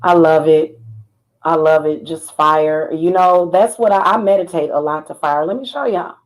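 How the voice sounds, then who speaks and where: A woman vlogging in casual chat, animated and sassy, often laughing. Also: low voice, normal speed, poor audio. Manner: animated, laughing, singing snatches of a chorus; sassy, defiant. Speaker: spiritual vlogger.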